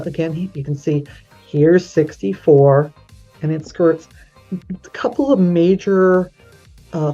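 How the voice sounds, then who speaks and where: A low-voiced woman talks through a map on her channel in a chatty, folksy way, often correcting herself mid-sentence. Her tone is mellow and relaxed. The audio is a bit dull, with faint music underneath. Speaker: real estate channel host. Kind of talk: casual screen-share map tour.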